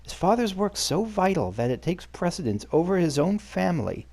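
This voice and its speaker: A man with a gruff voice reading an outspoken, frustrated young woman from a game. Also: high-pitched, big pitch swings, normal speed, a little mellow, voice pushed up, heavily acted. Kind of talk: reading game dialogue aloud.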